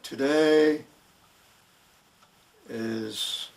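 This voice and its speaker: A man in his eighties, an inventor and harp maker, making a homemade video announcement in a slow, deliberate, formal way with a dry humor. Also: mid-range voice, vocal fry. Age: 80s.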